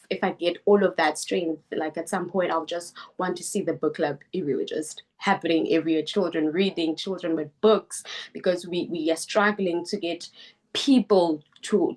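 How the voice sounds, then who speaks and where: A woman on a video call, earnestly describing her book club work with many halting restarts. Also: fairly low pitch. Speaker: book club founder speaking at a webinar. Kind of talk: online meeting talk.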